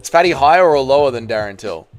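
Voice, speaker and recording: A man's voice: medium pitch, lively intonation, fast talker. A young man hosting a casual livestream, bantering with chat and dropping "mate" and "bro", over faint background music. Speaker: livestream host.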